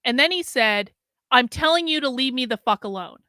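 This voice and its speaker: A woman's voice: high voice, normal speed, dry recording, clean studio sound. A woman hosting a podcast, telling a rambling story in casual talk, swearing often and filling her sentences with "like". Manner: profane, rambling, heavy use of filler "like"; animated retelling with quoted inner thoughts. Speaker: podcast host.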